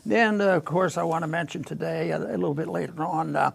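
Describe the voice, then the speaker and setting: A man hosting a casual political discussion, halting and repeating words as he chuckles through his points. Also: on the high side, fairly even intonation, creaky. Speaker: podcast host.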